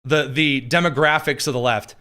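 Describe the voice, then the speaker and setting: Sarcastic, animated male political commentator. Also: mid-range voice, moderate pace, clear, resonant tone. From East Central Indiana. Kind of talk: opinion commentary.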